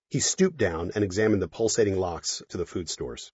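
A man narrates an audiobook with lively, expressive inflection. His voice is low and husky. The recording is dry and somewhat dull. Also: normal speed, dry recording. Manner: expressive, storytelling.

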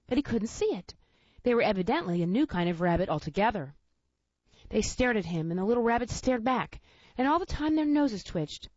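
A woman reading a children's storybook aloud in a gentle, expressive way. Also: fairly high pitch, brisk, no echo, muffled recording.

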